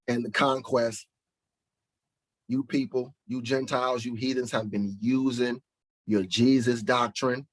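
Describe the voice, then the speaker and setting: A middle-aged man preaching a blunt, mocking sermon and reading scripture, with swings between soft asides and shouting. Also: mid-range voice, no echo.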